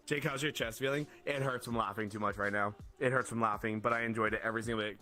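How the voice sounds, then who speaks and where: Excitable man with a bright voice. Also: on the low side, fast, few pauses, faint music behind. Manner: laughs hard, breathless giggling, excitable. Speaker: guest streamer. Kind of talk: casual stream chat.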